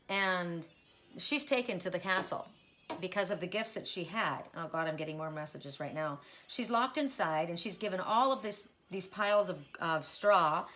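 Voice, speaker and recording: A woman's voice: fairly low pitch, fairly bright tone, a little hiss or hum. A woman giving a casual spoken card reading, retelling a fairy tale in a chatty way with many restarts and asides. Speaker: tarot reader.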